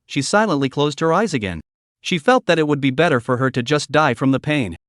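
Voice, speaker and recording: A text-to-speech male voice narrating a story recap with an even, machine-like reading. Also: on the high side, no room sound, clean studio sound.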